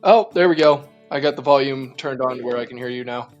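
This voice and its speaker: Relaxed man talking as a guest. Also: mid-range voice, fast talker, lo-fi sound, faint music behind. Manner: relaxed, easygoing, laughs along. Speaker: interview guest, group organizer. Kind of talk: casual interview conversation.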